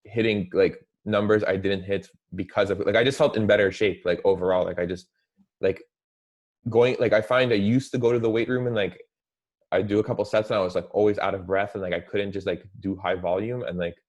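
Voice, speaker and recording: A young man with a very low voice chats casually as a guest on a talk show. He talks in a relaxed, rambling way and leans on "like" at nearly every turn. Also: fairly quick. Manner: relaxed, heavy use of "like" fillers. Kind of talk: casual chat.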